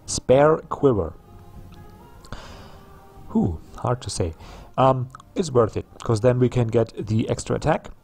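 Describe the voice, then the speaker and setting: A man narrating his strategy game session in an unhurried, thinking-out-loud way. He talks slowly, with a mid-pitched voice and plenty of pauses and restarts while he weighs his options. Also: slightly rough. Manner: unhurried, musing aloud with many ums and restarts. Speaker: gameplay commentator. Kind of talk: casual let's play commentary.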